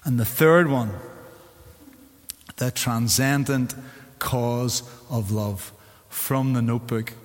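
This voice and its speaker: A man with a Northern Irish accent preaching a sermon as pastor, in an animated, theatrical way. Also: medium pitch, slow pace, long pauses. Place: church sanctuary. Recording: long church hall reverb.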